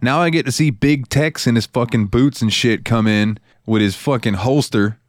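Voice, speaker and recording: Profane, animated male podcast co-host. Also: mid-range voice, moderate pace, no echo, clean studio sound. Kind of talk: casual chat.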